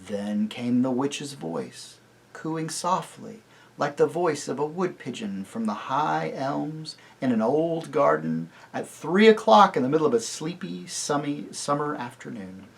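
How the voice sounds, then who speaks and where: A priest reading a children's novel aloud, slow and deliberate. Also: male voice, fairly high pitch, lively intonation, vocal fry, breathy edge.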